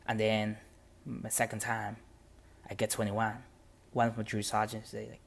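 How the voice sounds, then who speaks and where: A man's voice: lowish voice, completely flat delivery, normal speed, creaky. A man telling a motivational story on a podcast in earnest, plain-spoken English with non-native grammar.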